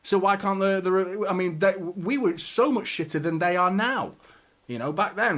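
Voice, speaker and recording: A man hosting a football fan watchalong stream, chatting casually, excitably and at a rambling pace, with casual swearing. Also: sits high, normal speed. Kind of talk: casual live-stream chat.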